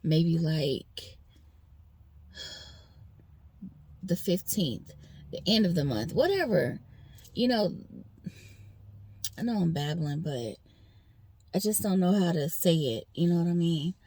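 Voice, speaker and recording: A woman's voice: on the low side, lively intonation, slow pace, long pauses, a little mellow, slightly rough. A woman vlogger venting in a rambling personal monologue, talking straight to her viewers.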